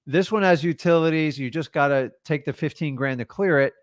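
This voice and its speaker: A man coaching on real estate in a casual, blunt and animated way, taking live questions and peppering his talk with "like" and "man". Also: a little high, fairly quick.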